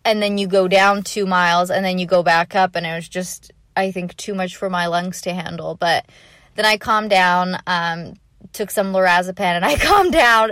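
A woman's voice: mid-range voice, fairly bright tone, dry recording. Chatty young woman, dry close sound. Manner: chatty, filler-heavy with frequent "like". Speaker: vlogger. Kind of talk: casual travel storytelling.

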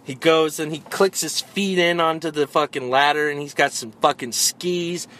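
A man in casual chat, retelling a movie with lots of swearing and animated energy. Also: on the high side, moderate pace.

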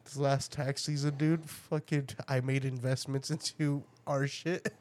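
A man's voice: mid-range voice, level tone, measured pace, a little mellow. A man in casual chat, telling crude stories with lots of laughter and acted-out quotes. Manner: crude, laughing storyteller who acts out quotes.

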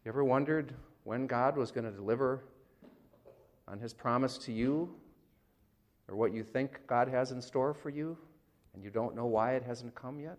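A male pastor giving a conversational, wry sermon and acting out quotes. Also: mid-range voice.

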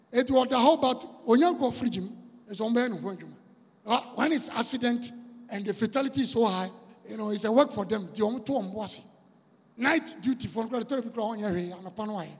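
A man's voice: very high-pitched, creaky, husky. A man with a Ghanaian accent preaching a storytelling sermon, with a repetitive, emphatic cadence. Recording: long reverb of a large hall.

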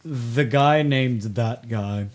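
A flustered, excitable performer in improv comedy. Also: mid-range voice, drawn-out words.

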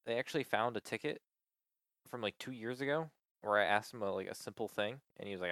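A man's voice: fairly low pitch, quick pace, a bit bright, smooth, no echo, studio quality. A man in casual chat, venting with exasperation about a support call, swearing often and filling with "like".

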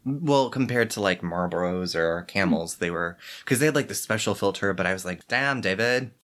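A woman's voice: very deep voice, expressive, fairly quick. A woman co-hosting a podcast in casual chat, rambling and joking with lots of "like" asides. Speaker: podcast co-host.

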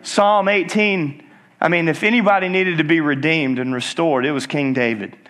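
A man preaching a sermon with call-and-response urging, swinging between emphatic and hushed delivery. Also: fairly high pitch, moderate pace. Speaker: pastor.

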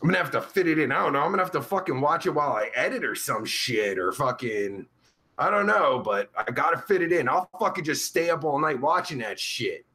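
A man's voice: a little high, animated, a little fast, sharp tone. A man playing a crude, vulgar livestream host who rambles profanely while reading out chat. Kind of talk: live chat comedy stream.

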